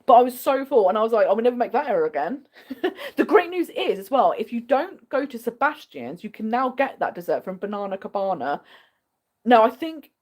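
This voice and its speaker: Bubbly English woman, lively voice. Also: a little high, moderate pace. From England. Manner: bubbly and chatty, answers viewer comments with frequent laughs. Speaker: host. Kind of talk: casual livestream chat.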